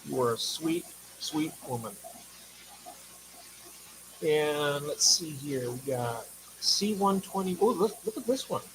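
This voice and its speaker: A man's voice: fairly high pitch, animated, slow, pauses often, a bit bright, slight background noise, rough recording. A man hosting a casual livestream, chatty and affectionate, reading viewer comments aloud and sounding tired. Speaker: livestream host.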